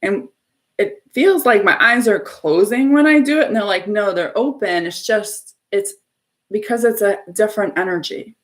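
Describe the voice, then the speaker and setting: A woman's voice: medium pitch, normal speed. Effusive woman telling a spiritual story. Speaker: live show host. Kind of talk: casual spiritual live-stream talk.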